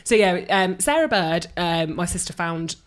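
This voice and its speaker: A woman's voice: lowish voice, animated, moderate pace. A woman, co-hosting a casual podcast and telling a joking story among friends. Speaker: podcast co-host.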